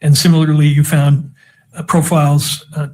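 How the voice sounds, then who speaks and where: A man's voice: fairly high pitch, flat delivery, moderate pace, a little mellow. A man cross-examining a witness in a courtroom with methodical, leading questions. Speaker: defense attorney.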